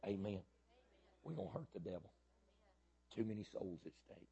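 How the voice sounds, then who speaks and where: Middle-aged male pastor, husky low voice, fiery repetitive sermon delivery. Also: expressive, normal speed, muffled recording. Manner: fiery, emphatic preaching with loud rises and repetition.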